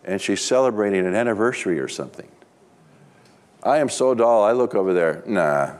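A man's voice: on the low side, animated, a little fast, a little mellow. A middle-aged man, a pastor, preaching a sermon with humorous personal stories in a chatty, conversational way.

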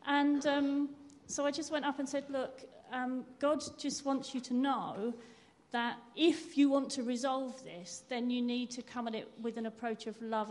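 Woman, kinda high voice, chatty church testimony, laughs at herself. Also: normal speed, hardly any pauses. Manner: candid storytelling, self-deprecating laughs. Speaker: church member sharing testimony.

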